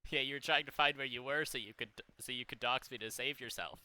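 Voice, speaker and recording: A man's voice: mid-range voice, fast talker, sharp tone. A young man live-streaming a game, chatting casually and joking playfully with his chat and mods.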